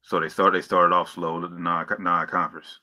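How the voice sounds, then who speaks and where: A man co-hosting a sports podcast, talking casually with many halting restarts. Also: low voice, flat delivery, bright, forceful tone. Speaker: podcast co-host.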